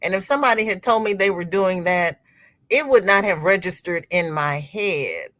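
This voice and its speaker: A woman's voice: fairly low pitch, normal speed. A middle-aged woman hosting a casual crochet livestream, chatting with viewers, telling stories and laughing often. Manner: animated storyteller, laughs often. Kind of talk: casual livestream chat, reading viewer comments.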